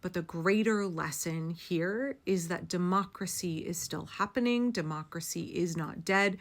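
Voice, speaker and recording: A woman's voice: lowish voice, unhurried. A woman giving impassioned, blunt political commentary straight to her audience, swearing for emphasis. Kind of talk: direct-to-camera political commentary.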